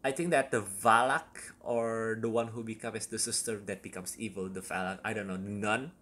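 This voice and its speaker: A man giving a casual vlog review of a horror film, rambling and excitable, with sudden loud bursts. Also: fairly low pitch, normal speed, loud music behind the voice.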